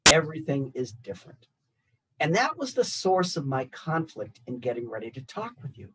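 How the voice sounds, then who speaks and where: An older man in his sixties speaks to graduates with a husky, somewhat raised voice. He delivers prepared remarks in a measured, reflective way and sets out his lists phrase by phrase. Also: fairly high pitch, very animated, bright, forceful tone, poor audio. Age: 60s. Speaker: alumni association speaker. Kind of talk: prepared commencement speech.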